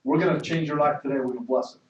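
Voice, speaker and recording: A man voicing a pushy, smooth-talking male telemarketer giving a rapid-fire sales pitch, heard from a distance in an echoey room. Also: natural voice.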